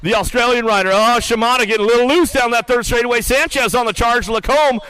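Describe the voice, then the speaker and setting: A high, bright man's voice calling race action in rapid play-by-play. His tone is clear and crisp, and he rattles off riders' names and positions as they jostle for the lead, then settles lower and softer to read back the finishing order. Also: fairly even intonation, poor audio. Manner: drops lower and quieter when reading results and lineups. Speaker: race announcer. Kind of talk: live BMX race commentary.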